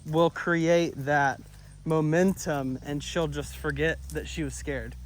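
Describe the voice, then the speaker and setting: A man working as a dog trainer, coaching an owner outdoors in an upbeat way, laughing often. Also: slow. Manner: upbeat, laughs often, breaks into high excited praise for the dogs. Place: outdoors near a pond.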